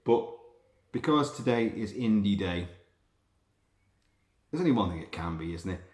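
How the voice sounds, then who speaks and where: Rambling, sweary man with a lowish voice. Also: moderate pace. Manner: rambling, sweary, animated storytelling. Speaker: podcast host. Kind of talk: casual monologue. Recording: roomy echo.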